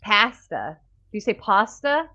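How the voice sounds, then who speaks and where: Canadian lady rambling on a podcast, kinda high voice, muffled lo-fi sound. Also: animated, moderate pace, fairly bright tone. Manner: chatty, rambling, self-deprecating. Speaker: podcast co-host. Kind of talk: casual chat.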